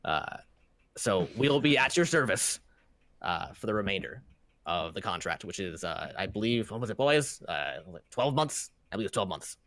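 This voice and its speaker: A man's voice: lowish voice, sing-song, a bit bright, dry recording. A man doing a chatty dwarf foreman. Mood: folksy. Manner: rambling, halting with fillers. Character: gruff male dwarf foreman, chatty and folksy.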